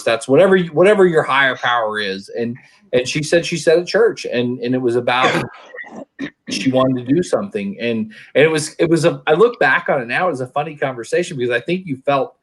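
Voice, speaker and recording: A middle-aged man from Oklahoma spins stories in casual conversation, rambling and restarting his sentences often. His mid-range voice is animated and fairly quick.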